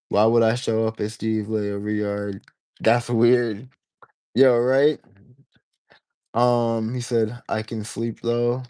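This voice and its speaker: A man's voice: medium pitch, darkish tone, smooth, dry recording. A man hosting a casual livestream, rambling in stops and restarts as he talks to his viewers. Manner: rambling, stop-start, reading out chat comments. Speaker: livestream host.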